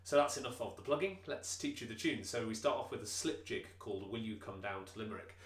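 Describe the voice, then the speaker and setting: A man's voice: fairly low pitch, fast. A man teaching a banjo tutorial, explaining patiently and counting beats aloud, with many fillers. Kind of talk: instrument tutorial. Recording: roomy echo, banjo playing behind.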